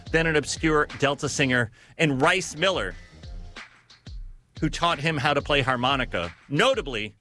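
A man giving scripted narration on music history in a measured, storytelling manner with occasional self-corrections. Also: a little high, bright, forceful tone.

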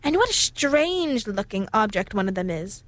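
A woman's voice: mid-range voice, very animated, moderate pace, fairly bright tone, dry recording. A woman voicing a spiteful farmyard duck in a storybook, with a sneering manner.

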